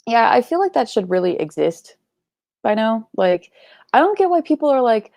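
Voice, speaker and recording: A woman's voice: fairly high pitch, big pitch swings, moderate pace, a little mellow, dry recording. A young woman hosting a live book club stream, chatting casually with lots of likes and ums and the odd swear word. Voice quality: creaky. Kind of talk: casual livestream chat reading comments.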